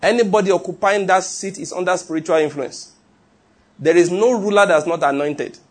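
A man's voice: sits high, moderate pace. A man preaching a sermon, emphatic and repetitive, often asking whether his listeners follow. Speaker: pastor.

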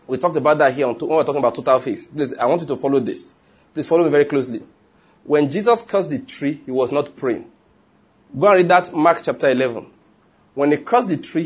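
A man's voice: fairly high pitch, a little mellow, slightly rough. A man preaching a sermon, emphatic and repetitive, often asking whether his listeners follow. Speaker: pastor.

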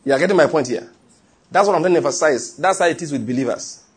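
A man's voice: fairly high pitch, lively intonation, fast talker, husky. A man preaching a sermon, emphatic and repetitive, often asking whether his listeners follow. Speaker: pastor.

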